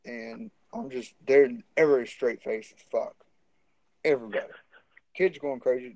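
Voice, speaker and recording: A man's voice: mid-range voice, normal speed, a little mellow, dry recording, rough recording. A man telling a story in a casual, rambling and profane way.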